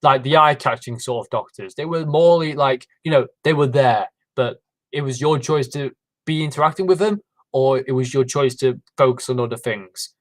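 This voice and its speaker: A man's voice: mid-range voice, normal speed, no room sound, poor audio. Chatty man on a dry close mic. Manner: rambling, frequent fillers and restarts. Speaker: livestream host. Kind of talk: casual chat.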